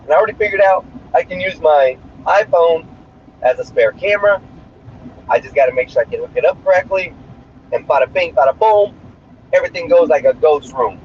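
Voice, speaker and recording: A man with a fairly high, lively voice talks a little fast while livestreaming from his car as he drives. Rambling, crude and brash, he comes through a phone mic, muffled, with faint road noise underneath.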